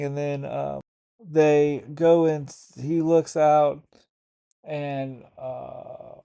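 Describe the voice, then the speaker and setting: Slow, gravelly man recapping a TV episode. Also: a little high, little pitch movement, warm tone. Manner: halting, stop-start retelling. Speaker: YouTube reviewer.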